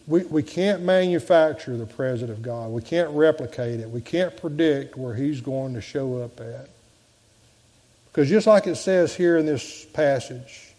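A man preaching a sermon as pastor, swinging between loud and soft delivery. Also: a little high. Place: church sanctuary. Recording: long church reverb.

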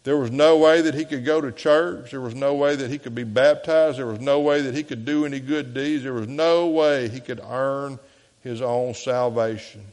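A man with a Southern US accent preaching a sermon as pastor, earnestly swinging between raised appeals and hushed, slow quotations. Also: medium pitch, big-room sound. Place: church sanctuary.

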